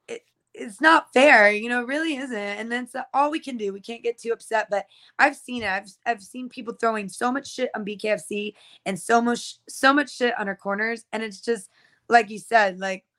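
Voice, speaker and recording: Young woman, casual podcast co-host, higher-pitched, rambling filler-heavy chat. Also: moderate pace, fairly bright tone. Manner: chatty, many fillers and restarts.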